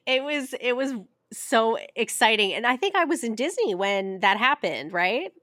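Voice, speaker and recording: A woman's voice: a little high, expressive, moderate pace, a bit bright. A woman co-hosting a podcast in casual chat, bubbly and laughing often. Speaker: podcast co-host.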